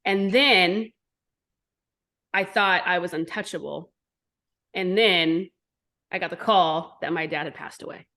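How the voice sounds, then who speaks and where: A woman in her forties, an entrepreneur guest telling her story in an interview, blunt and animated, with frequent swearing. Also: fairly low pitch, unhurried, pauses often. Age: 40s.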